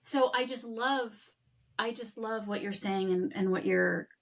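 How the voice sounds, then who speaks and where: A woman hosting a podcast, telling stories in an animated, affirming way. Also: on the high side, measured pace. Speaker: podcast host. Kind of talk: candid conversational interview.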